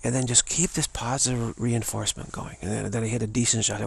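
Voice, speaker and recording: Casting: gravelly, raspy male teacher, rambling, stammering delivery. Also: medium pitch, fast, few pauses. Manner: rambling, many restarts and stammers, laughs often. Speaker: spiritual teacher. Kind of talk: casual spoken talk.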